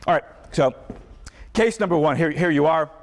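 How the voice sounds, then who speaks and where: Halting male professor in echoey hall. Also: on the high side. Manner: halting, repeats words, many fillers. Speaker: philosophy professor. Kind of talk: university lecture. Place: large lecture hall.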